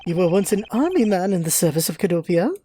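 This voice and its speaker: A woman voicing a confident male prosecutor, measured and formal as she reads game dialogue aloud. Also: lowish voice, animated, dark tone, soft background music, close to an everyday voice.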